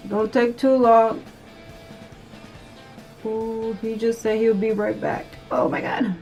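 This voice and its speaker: A woman vlogger chatting casually through a makeup tutorial, nervous and excitable, gasping and squealing often. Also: on the high side, slow pace, muffled recording, faint music behind. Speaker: beauty vlogger.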